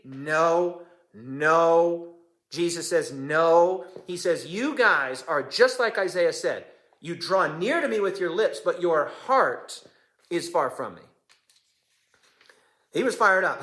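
A man's voice: high voice, a bit bright. A man in his forties preaching a sermon as pastor, impassioned and emphatic, repeating phrases for effect.

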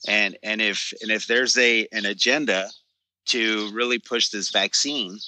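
A man's voice: fairly low pitch, measured pace, sharp tone, no room sound. A man co-hosting a podcast, explaining his views emphatically in casual conversation. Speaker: podcast co-host. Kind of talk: casual chat.

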